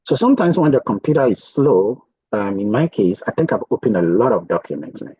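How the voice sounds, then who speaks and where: A man with a slightly husky voice explains software step by step in a casual, chatty way, often pausing with "okay". His pitch moves up and down a lot as he talks. The sound is dry and close. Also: big pitch swings, dry recording, muffled recording. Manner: chatty, thinking aloud with many "okay"s. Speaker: software tutorial presenter. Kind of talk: casual screen-share tutorial.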